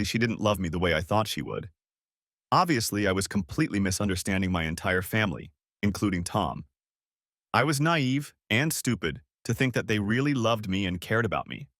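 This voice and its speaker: A man reading a first-person audiobook story in an expressive, dramatic way on a close studio mic. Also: fairly low pitch, normal speed, no echo. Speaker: audiobook narrator.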